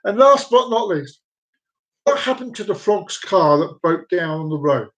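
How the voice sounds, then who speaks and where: High-voiced man hosting a jokey live stream. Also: animated, measured pace, fairly bright tone, poor audio. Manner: jokey, rambling, repeats himself. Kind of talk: casual live-stream chat. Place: downstairs room at home with dogs.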